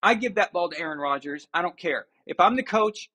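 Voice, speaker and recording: A man's voice: high voice, animated, brisk, sharp tone. A man hosting a sports talk show, ranting and sarcastic. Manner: ranting, sarcastic, mocking impressions. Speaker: show host.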